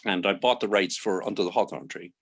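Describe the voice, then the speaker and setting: An older Irish man, a guest on a casual interview show, telling stories in a lively way, acting out what people said and chuckling often. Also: sits low, fast, creaky, breathy edge. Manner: lively anecdotal, acts out quoted dialogue, chuckles often.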